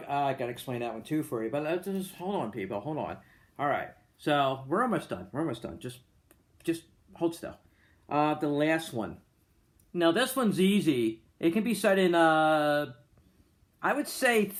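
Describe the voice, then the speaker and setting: A man with a Delco Philadelphia-area accent talks to his viewers in a loose, rambling monologue. His voice sits a bit high for a man, and he fills the gaps with "uh" and "um" and throws in jokey asides. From Delaware County, Pennsylvania. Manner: chatty and rambling, with many fillers and jokey asides. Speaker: vlogger. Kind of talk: casual explanatory monologue.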